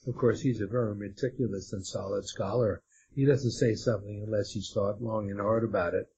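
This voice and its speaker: This guest author, talking in a conversational interview, hesitates constantly, with frequent restarts and fillers. He has a husky, darkish voice, fairly low and fairly even in intonation, and he talks fairly quickly over dull, lo-fi audio.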